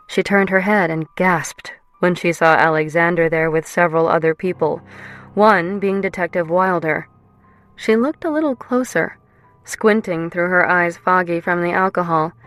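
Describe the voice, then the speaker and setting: Low-voiced woman reading a romance. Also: a bit bright. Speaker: audiobook narrator. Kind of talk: scripted narration.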